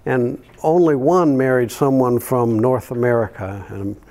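An older man preaching a sermon, telling homely family stories and chuckling softly now and then. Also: medium pitch, fairly even intonation, a little slow. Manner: homely anecdotes with frequent soft chuckles. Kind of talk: storytelling sermon.

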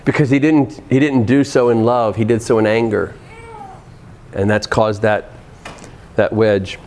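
A middle-aged man preaching an earnest sermon on parenting, with animated shifts in pace. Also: on the low side, unhurried, slight background noise.

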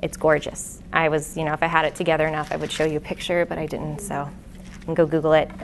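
A woman's voice: sits low, little pitch movement, quick pace, gravelly, slight background noise. A woman in her late twenties giving an earnest, conversational testimony to a live church audience, with many fillers and restarts. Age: late 20s. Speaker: lay speaker giving a testimony teaching. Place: live venue before an audience. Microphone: handheld or stand microphone.

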